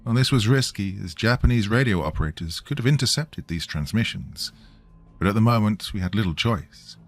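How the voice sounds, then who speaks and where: A man reading a scripted horror story in a measured, grave manner. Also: fairly low pitch, expressive, faint music behind. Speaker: narrator.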